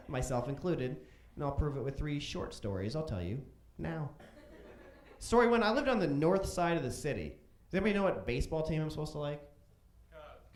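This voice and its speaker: A man in his thirties from Chicago performs stand-up with a fairly high, very lively voice that swoops up and down. He tells crude stories and jumps into loud voices for quotes. The sound echoes around a roomy club stage. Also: a little hiss or hum. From Chicago, USA. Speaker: stand-up comedian. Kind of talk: stand-up comedy storytelling.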